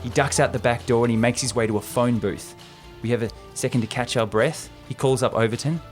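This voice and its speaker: A man's voice: medium pitch, fairly quick, faint music behind. A male podcast host casually recapping a script scene by scene, jokey and storytelling. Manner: jokey, storytelling, laughs at his own bits.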